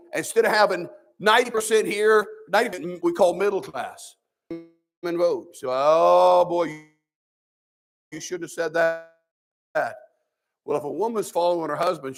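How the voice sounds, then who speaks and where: A man, a pastor, teaching a Sunday school sermon in a preachy, conversational way with sarcastic asides. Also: fairly high pitch.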